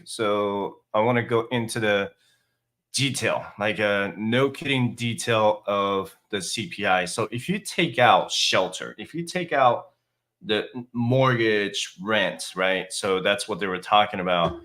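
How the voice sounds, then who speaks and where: A man's voice: lowish voice, fairly bright tone. A man hosting a casual finance livestream, talking viewers through figures with lots of fillers. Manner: chatty, many fillers, walking viewers through data. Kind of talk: casual live stream commentary.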